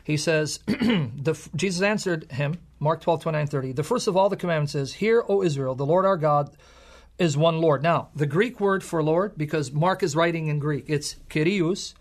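High-voiced emphatic male Bible teacher. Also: normal speed. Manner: emphatic, lecturing, quotes scripture.

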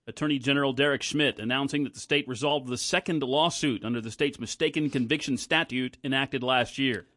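A man co-anchoring a radio newscast, reading headlines with a crisp, even delivery. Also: fairly high pitch, no echo, clean studio sound. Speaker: news anchor.

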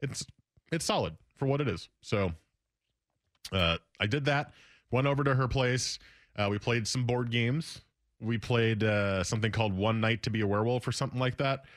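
A man's voice: mid-range voice, moderate pace, no echo, clean studio sound. A young man chatting casually as a radio show host, rambling with restarts. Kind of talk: casual chat.

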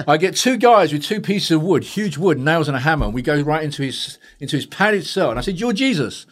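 Fast-talking blunt male therapist. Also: on the high side, animated. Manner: blunt, swearing, straight-talking. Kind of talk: storytelling in a podcast interview.

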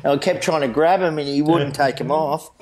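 A man's voice: a little high, brisk, darkish tone, poor audio. A middle-aged Australian man and lifeguard telling a rescue story in casual chat, laughing often and swearing freely. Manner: laughing, swearing, mate-heavy yarn-telling. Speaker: guest lifeguard.

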